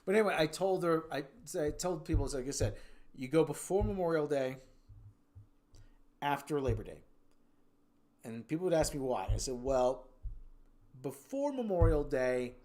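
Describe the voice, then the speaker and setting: Chatty rambling American man, higher voice. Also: lively intonation, normal speed, pauses often, darkish tone. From United States. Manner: rambling, chatty, with frequent restarts and silly put-on voices. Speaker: livestream host. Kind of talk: casual chat reading viewer comments.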